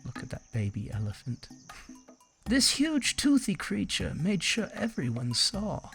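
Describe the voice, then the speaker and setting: Woman reader for kids' picture books; unhurried, sing-song, chatty asides, some vocal fry. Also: lowish voice, wildly swooping pitch, soft background music. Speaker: children's book reader. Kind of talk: reading a picture book aloud.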